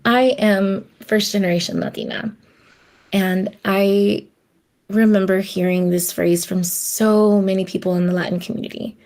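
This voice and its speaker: A woman's voice: medium pitch, steady tone, unhurried, darkish tone. A woman hosting her own podcast, talking in a heartfelt, conversational way and acting out the voices she quotes. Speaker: podcast host. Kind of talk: reflective solo podcast talk.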